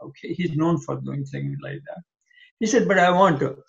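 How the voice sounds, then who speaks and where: A man's voice: fairly high pitch, normal speed, vocal fry. An older man, a physician guest in an interview, telling long stories and acting out both sides of past conversations. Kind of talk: interview storytelling. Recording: dull lo-fi sound.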